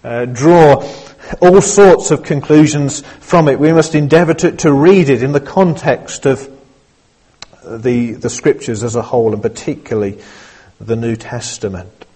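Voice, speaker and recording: Slow, husky-voiced male preacher. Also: mid-range voice, warm tone. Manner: measured, earnest preaching with small restarts. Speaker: pastor. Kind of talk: sermon.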